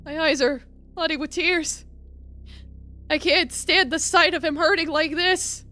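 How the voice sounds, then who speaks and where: Woman streamer narrating a game, unhurried, theatrical outbursts. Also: extremely high pitch, steady tone, bright, forceful tone. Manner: dramatic, swings from narration to shrieks and mock sobbing. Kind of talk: reading a game aloud on stream.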